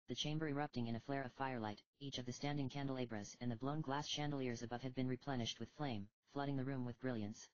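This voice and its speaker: A woman reading a fantasy story aloud as narrator, steady and even. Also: rumbling low, fast talker, few pauses, no echo, muffled recording. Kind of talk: audiobook reading of fan fiction.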